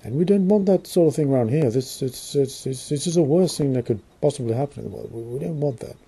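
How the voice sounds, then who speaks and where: A man's voice: medium pitch, lively intonation, fast, mellow, breathy edge. A man with an Australian accent playing a sarcastic, mock-formal male Illuminati news anchor in a satirical newscast, putting on a shaky British accent. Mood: sneering. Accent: put-on British over Australian. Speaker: comedic news presenter.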